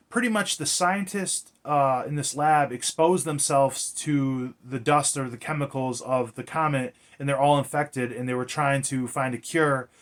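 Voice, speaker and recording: A man's voice: medium pitch, fairly bright tone. A man recapping a film in a casual, rambling way, swearing freely and leaning on fillers. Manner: rambling, profane, filler-heavy. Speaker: movie reviewer.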